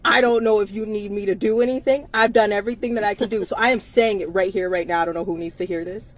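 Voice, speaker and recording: A woman's voice: mid-range voice, steady tone, fast. A tired woman on a livestream, talking emphatically and repeating herself with laughs between phrases. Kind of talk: livestream monologue.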